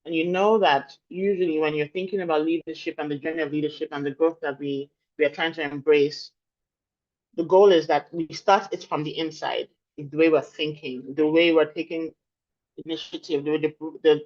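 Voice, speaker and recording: A woman's voice: low-pitched, fairly even intonation, normal speed, darkish tone. A woman, a program leader giving a reflective closing speech over a video call, stacking phrases for emphasis. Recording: dull lo-fi call audio.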